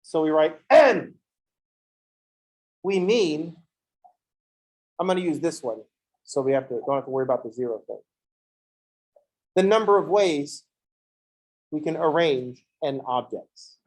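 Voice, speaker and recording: A man's voice: fairly high pitch, normal speed, long pauses, darkish tone, low-quality recording. Man, math instructor, casual lecture, joking, digressive asides.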